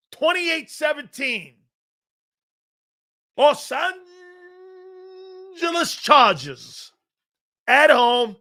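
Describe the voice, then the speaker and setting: Blunt, profane, bright-voiced male sports host. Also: high-pitched. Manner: blunt, profane, mocking opinions. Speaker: sports talk show host. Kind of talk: live sports talk show rant.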